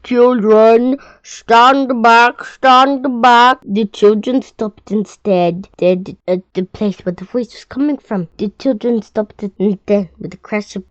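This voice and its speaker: A woman reads a children's storybook aloud with plenty of expression, getting loud for the characters' shouts and tripping over a word now and then. Her voice is mid-pitched and sits close to the mic. The recording is dry and a little dull and lo-fi. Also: no echo.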